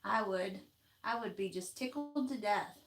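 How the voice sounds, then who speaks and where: A woman's voice: medium pitch, expressive, measured pace. Folksy woman, craft vlogger, easygoing live-stream chatter with frequent laughs. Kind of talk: casual live-stream chat, reading viewer comments.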